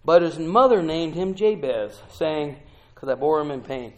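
A middle-aged male pastor preaching a sermon, swinging from quiet asides to shouted exclamations. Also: fairly high pitch, expressive, measured pace, lo-fi sound.

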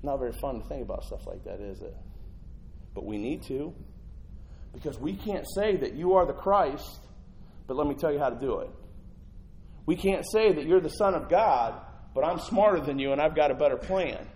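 A male pastor delivers a sermon in a lively, conversational way. His voice sits a little high and swings between loud bursts and hushed asides. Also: moderate pace, poor audio.

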